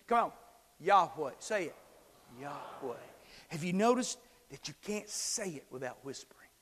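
A man preaching a sermon in a church with a long, echoing reverb. His voice sits high, and he moves from soft whispers to big, climbing shouts, pausing to have the congregation say the words back to him. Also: lively intonation, a little hiss or hum. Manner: dynamic preaching, drops to whispers and builds to shouts; asks the congregation to repeat after him. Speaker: pastor. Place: church sanctuary.

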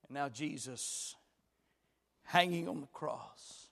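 A man preaching a sermon, dropping to hushed lines and then building to loud, shouted climaxes. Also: fairly high pitch, normal speed. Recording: long hall reverb.

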